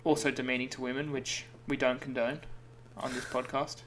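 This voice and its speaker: A man's voice: mid-range voice, little pitch movement, moderate pace, a bit bright, slight background noise. A young Australian man on a film-review podcast, hesitant and hedging his opinions with fillers. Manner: hesitant, hedging, lots of "kind of". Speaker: podcast co-host. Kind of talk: casual film-review chat.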